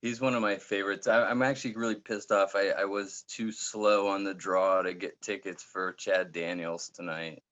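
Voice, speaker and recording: A man with a very deep voice chats casually as a podcast co-host. He rambles, breaks off and starts again. The sound is dull and lo-fi, as if from a cheap mic. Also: fairly even intonation, fairly bright tone, no room sound. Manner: rambling, halting with restarts. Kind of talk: casual chat.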